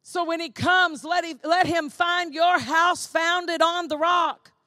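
High-voiced woman preaching fervently. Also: fairly even intonation, slow pace, dry recording, studio quality. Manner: fervent preaching that builds to shouting; repetitive, emphatic phrasing. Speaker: pastor. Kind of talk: sermon.

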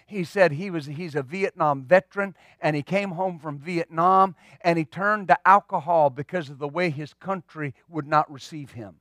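A middle-aged man, a pastor, telling a story in a sermon with folksy humor and lively, repeating speech. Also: on the high side, moderate pace, hardly any pauses, dry recording, studio quality.

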